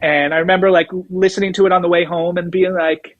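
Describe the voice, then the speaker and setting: Middle-aged male guest, rambling storyteller, slightly high voice, dry close mic. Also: level tone, fast talker, no room sound, muffled recording. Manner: rambling anecdotes, acts out quoted dialogue. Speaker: guest musician, drummer. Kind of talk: casual storytelling interview.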